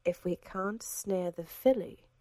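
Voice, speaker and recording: Woman playing a poised female assassin in an audiobook: slow, even, sweetly threatening. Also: lowish voice, slightly rough, dry recording, clean studio sound, full character voice. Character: cool, commanding female assassin.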